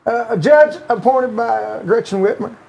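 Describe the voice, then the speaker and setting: A man's voice: fairly high pitch, huge pitch swings, normal speed, creaky, darkish tone, dull audio, exaggerated voice. A man doing a drawling folksy Southern ex-president. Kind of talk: comic impression reading an article. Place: home studio.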